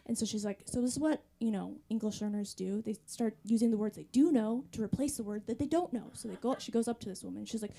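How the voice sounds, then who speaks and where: A woman's voice: a little high, fairly even intonation, normal speed, vocal fry, warm tone. Wry woman comic in her thirties. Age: 30s. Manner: conversational, wry, chatty with the audience. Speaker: stand-up comedian. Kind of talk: stand-up set. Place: comedy club stage.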